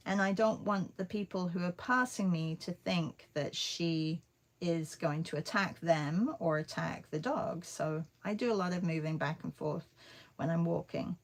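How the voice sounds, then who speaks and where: Slow-talking woman telling a rambling story. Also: lowish voice. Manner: rambling chatty anecdote with many fillers. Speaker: art teacher and vlogger. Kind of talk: casual storytelling while painting.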